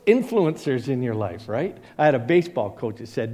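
A man's voice: mid-range voice, animated, moderate pace, dark tone, in a large hall. A middle-aged man preaching a sermon as a pastor, telling personal stories and acting out the voices of people he quotes. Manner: storytelling, acts out quoted voices.

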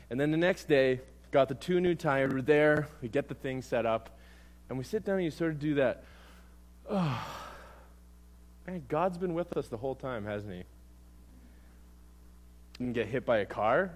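Guy preaching, telling a funny story on himself, really animated, mid pitch. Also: moderate pace, long pauses. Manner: animated storytelling, self-mocking. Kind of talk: sermon told as a personal story.

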